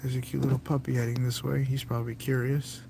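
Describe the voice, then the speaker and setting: A man's voice: mid-range voice, level tone, quick pace, gravelly, background noise. Chatty man driving and talking. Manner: chatty, jumpy, self-talking. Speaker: vlog host. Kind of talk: casual driving commentary. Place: inside a car while driving.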